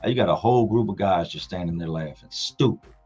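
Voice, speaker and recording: A man's voice: sits low, fast, breathy edge, lo-fi sound, soft background music. A man hosting a livestream, telling stories casually with slang and acting out other people's lines. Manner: animated storyteller, slangy, acts out others' lines. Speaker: livestream host.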